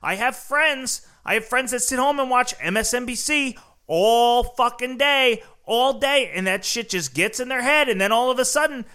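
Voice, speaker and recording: Heated, profane man with a bright high voice. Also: smooth. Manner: profane, heated, fast-talking, lots of fillers. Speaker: podcast host. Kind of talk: casual conversational rant.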